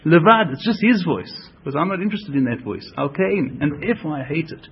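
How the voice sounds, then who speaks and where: A man's voice: on the high side, animated, brisk, husky. A man teaching a religious lesson, earnest, repeating and rephrasing each point as he explains it. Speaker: Torah teacher. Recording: dull lo-fi recording.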